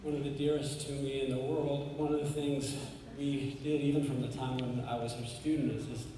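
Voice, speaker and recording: A man with a Southern Arkansas accent, from Arkansas, giving an unhurried award acceptance speech with pauses and fillers. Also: medium pitch, little pitch movement, warm tone, slight background noise. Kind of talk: warm acceptance speech with anecdotes. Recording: echoey hall, from far off.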